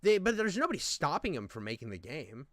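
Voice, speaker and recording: A young man with a fairly high, very animated voice rants about a video at a brisk pace, with no echo on the recording. The heated casual commentary is profane and exasperated, and he leans heavily on fillers and restarts.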